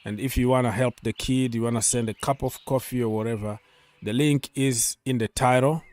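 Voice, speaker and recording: A man's voice: mid-range voice, fairly even intonation, fairly quick, a little mellow, no echo. A man hosting a casual football live stream, talking loosely, repeating himself and reading out viewer comments, with a delivery.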